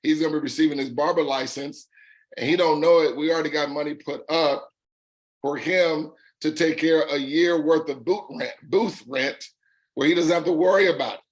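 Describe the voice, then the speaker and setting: A middle-aged man with a raspy voice and a Southern drawl, hosting a call and telling his story in an upbeat, folksy way, repeating words for emphasis. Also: fairly high pitch, fairly even intonation, normal speed, poor audio. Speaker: host. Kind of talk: casual call testimony.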